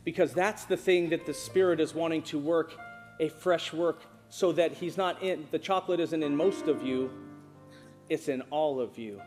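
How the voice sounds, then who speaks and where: A man preaching a sermon as pastor in a church auditorium, animated and emphatic, on a stage microphone. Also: a little high, normal speed. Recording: reverberant hall with music behind.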